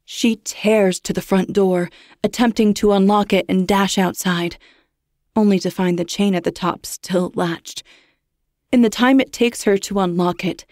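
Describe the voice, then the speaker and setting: A woman narrating a horror story in a measured, hushed, suspenseful way. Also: medium pitch, dry recording, clean studio sound.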